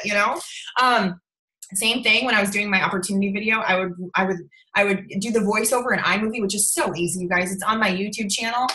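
A young woman leading a casual sales training over a video call, chatty and animated, with lots of fillers and laughter. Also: fast talker, reverberant. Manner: acts out quoted voices with big pitch jumps. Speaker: sales team leader training her team.

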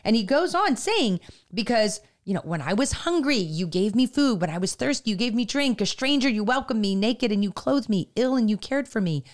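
Casting note: middle-aged woman, fairly high voice, halting and heartfelt faith-podcast host. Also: expressive. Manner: halting, filler-heavy, growing emotional and earnest. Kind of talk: faith-based casual podcast talk.

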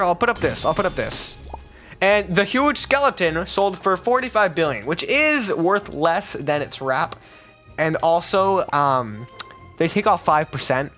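Excitable young man with a lively voice. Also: fairly high pitch, unhurried, faint music behind. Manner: excitable, rambling and jokey, with sudden squeals. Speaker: gaming YouTuber. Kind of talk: gaming commentary.

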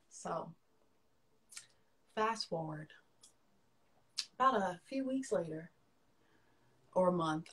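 A young woman with a fairly low voice chats into her phone on a livestream. She tells a personal story with animated delivery, getting loud, then dropping soft. The talk is casual and unscripted. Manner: animated, swinging loudness. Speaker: livestream co-host.

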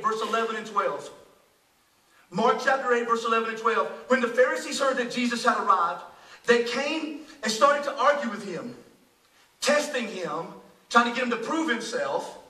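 A man with a strikingly high, piercingly bright voice delivers a sermon, pressing his points with repeated words and rhetorical asides. He sounds roomy and distant, as if captured from across an echoing church sanctuary. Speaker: pastor. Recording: echoey church hall, voice picked up from a distance.

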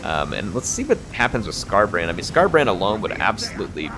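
A man's voice: low-pitched, brisk, noisy background. A man giving casual, explanatory commentary over a strategy game battle replay, with plenty of fillers. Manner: relaxed, explanatory, frequent fillers.

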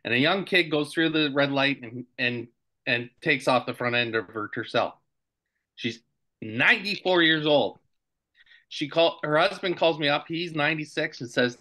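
A man's voice: a little high, moderate pace. A man in his sixties co-hosting a casual chat, telling anecdotes and acting out the lines of the people in them. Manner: animated anecdote-teller, acts out quotes. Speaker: podcast co-host.

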